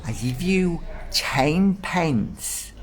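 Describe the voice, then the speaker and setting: A man voicing a chatty elderly female shopkeeper who haggles in a slow, drawn-out way. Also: deep voice, lively intonation, pitched above the performer's own voice, heavily acted. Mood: sing-song haggling.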